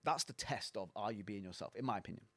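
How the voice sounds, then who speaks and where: A man's voice: fairly low pitch, lively intonation, fast talker, a bit bright, no room sound. A man, a coaching mentor, giving blunt, sweary, sarcastic advice as a guest on a casual podcast.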